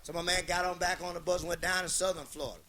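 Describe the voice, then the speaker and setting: A man's voice: sits high, fairly even intonation, very fast, pushed and bright. A man telling a long comedic story in a rhythmic, repetitive, heavily profane way.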